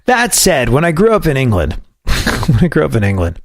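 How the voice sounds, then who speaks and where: A man's voice: medium pitch, wildly swooping pitch, normal speed, no echo, studio quality. A man from New York with a New York accent, hosting a commentary show in a sarcastic, wry way. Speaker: host.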